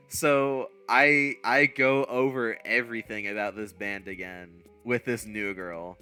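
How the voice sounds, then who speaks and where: A man's voice: mid-range voice, measured pace, hardly any pauses, bright, forceful tone, smooth, faint music behind. A man casually telling a long, rambling anecdote, full of fillers and restarts. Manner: rambling anecdote with many fillers and self-corrections, laughing at himself. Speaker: streamer. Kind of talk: casual storytelling.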